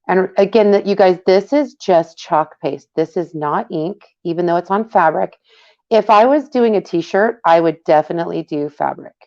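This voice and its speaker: A woman with a deep, darkish voice and vocal fry casually demonstrates a craft project in a live tutorial. She has the hiccups and chats as she works, greeting viewers by name. It's captured in dull lo-fi livestream audio.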